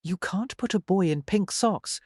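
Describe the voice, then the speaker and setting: A woman's voice: mid-range voice, a little slow, a little mellow, husky, no room sound, studio quality, pitched above the performer's own voice. A woman voicing a confident, teasing Texan businessman in an audiobook, with an easygoing, wry manner.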